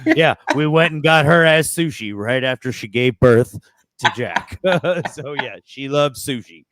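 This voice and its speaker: A man's voice: medium pitch, unhurried, noisy background. Profane, joking podcast host man. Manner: profane, joking, egging the guest on. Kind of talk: casual chat.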